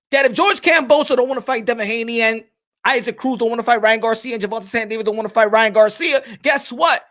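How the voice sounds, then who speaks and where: A man hosting a boxing talk show, chatting to viewers with hyped, drawn-out emphasis. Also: extremely high pitch, bright, forceful tone. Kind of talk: animated boxing commentary chat.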